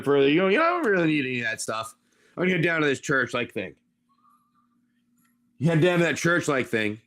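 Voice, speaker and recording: A man's voice: fairly high pitch, a bit bright. A man improvising tabletop game narration on a live stream as game master. He rambles and corrects himself as he goes. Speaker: game master and livestream seller.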